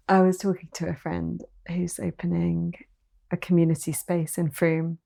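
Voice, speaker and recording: Woman podcast host, husky, gravelly, reflective casual talk. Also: on the low side, completely flat delivery, moderate pace, mellow. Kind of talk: casual conversation.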